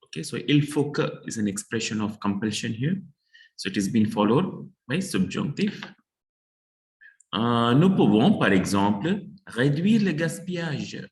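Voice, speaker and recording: A man teaching a French lesson: he reads French lines aloud, then translates and explains them in English. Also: medium pitch. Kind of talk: bilingual language lesson. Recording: echoey room.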